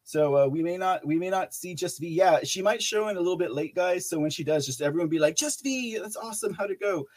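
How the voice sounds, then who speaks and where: A man's voice: on the high side, fast talker, few pauses, a little mellow. A man hosting a live podcast stream, chatting loosely with viewers, reading their messages aloud, with lots of fillers and restarts. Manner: rambling with many fillers and restarts, laughs often, reads chat messages aloud. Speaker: livestream podcast host. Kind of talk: casual live-chat talk.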